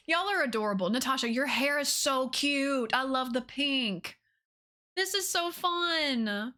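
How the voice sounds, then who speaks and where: A woman's voice: moderate pace, soft background music. A young woman, chatting casually with viewers on a live stream, bubbly and gushing. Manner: bubbly, gushing, swoops up high when excited.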